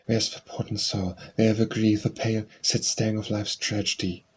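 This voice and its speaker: A man's voice: lowish voice, level tone, moderate pace, slight background noise. A man reading poems aloud for an audiobook, reciting dialect verse in a rhythmic sing-song. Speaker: audiobook reader.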